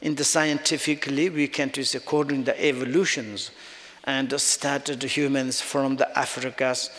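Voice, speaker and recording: A man giving a Buddhist teaching in non-native English, halting and often searching for words. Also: medium pitch, level tone, a bit bright. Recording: long hall reverb.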